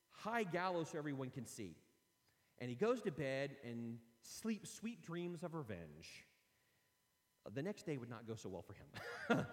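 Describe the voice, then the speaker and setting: A male pastor tells a sermon story with animated, joking energy, and his slightly high voice swings widely in pitch. He speaks in a church sanctuary, and a long reverb rings after his words. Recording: long reverb of a large hall.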